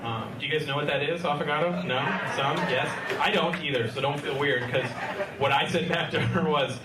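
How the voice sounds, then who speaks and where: A man's voice: a little high, fairly quick, very noisy. A man telling wry, self-deprecating stand-up anecdotes, recorded from afar in an echoey club. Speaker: stand-up comedian. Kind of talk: stand-up storytelling. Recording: echoey club, distant mic, loud crowd.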